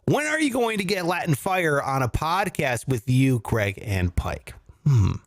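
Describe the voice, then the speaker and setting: A man's voice: on the high side, big pitch swings, unhurried. A man hosting a casual comedy podcast from home, joking and laughing through playful rants. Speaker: podcast host. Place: home studio.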